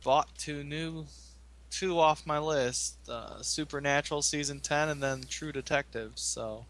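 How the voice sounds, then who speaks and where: Male cohost, bright, laid-back, casual chat. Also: fairly high pitch, steady tone, measured pace. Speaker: podcast co-host.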